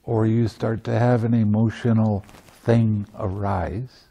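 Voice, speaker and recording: A man's voice: on the low side, level tone, slow pace, dark tone. A man giving a dharma talk as meditation teacher at a retreat, teaching playfully and often laughing. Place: meditation center.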